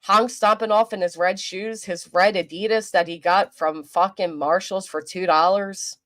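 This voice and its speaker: A woman ranting through livestream commentary into a desk microphone, crude and openly vulgar. She mocks her target in a loose, rambling way, tripping over restarts as she goes. Her voice sits at a middle pitch. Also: steady tone, normal speed, fairly bright tone. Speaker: commentary streamer.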